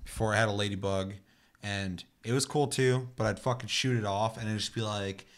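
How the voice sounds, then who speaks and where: A man chatting casually on a gaming podcast with a low, easygoing voice. He rambles and swears constantly, breaking into silly voices to act out what happened in his games. The delivery is relaxed and off the cuff. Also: a little fast. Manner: rambling, profane, acts out funny voices in his stories. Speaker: podcast co-host.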